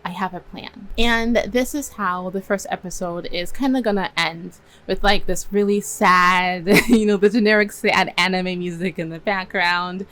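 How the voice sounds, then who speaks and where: A woman's voice: mid-range voice, steady tone, unhurried, few pauses, fairly bright tone, low-quality recording. A young woman casually retelling and reworking story scenes, chatty and laughing often as she acts out bits of dialogue. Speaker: story reviewer.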